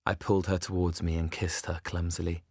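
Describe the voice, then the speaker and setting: A man narrating an audiobook in a measured, expressive reading, recorded close in a studio booth. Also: low-pitched, slightly rough, no echo.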